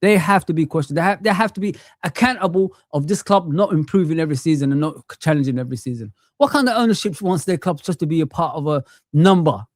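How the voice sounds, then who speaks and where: On a live football watch-along stream, a man in his thirties or forties goes on an impassioned, sweary rant, saying "man" constantly. He pitches high and sounds animated at a quick clip, recorded in studio quality with no room sound.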